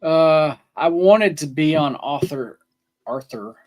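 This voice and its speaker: A man's voice: fairly high pitch, expressive, slow pace. A man co-hosting a sports betting show, rambling casually with lots of ums and restarts. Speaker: co-host. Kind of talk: sports betting podcast chat.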